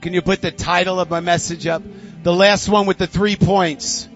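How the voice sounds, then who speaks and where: Faint music plays behind a pastor preaching in a church sanctuary, his sermon ending in an altar call. He's a fervent storyteller who repeats phrases and calls people forward, speaking at normal speed in a high, steady, fairly bright voice, with the highs cut off.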